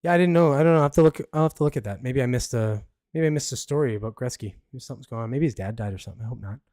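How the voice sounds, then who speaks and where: A man's voice: mid-range voice, very fast, a little mellow, no echo, clean studio sound. A man hosting a podcast, rambling bluntly with plenty of fillers. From Canada. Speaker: podcast host. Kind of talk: casual solo commentary.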